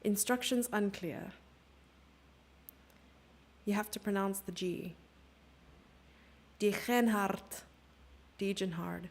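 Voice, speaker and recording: A woman's voice: medium pitch, slow pace, long pauses, darkish tone. A woman from Germany giving casual, self-mocking live chess commentary, chatting with her viewers and thinking aloud over the moves.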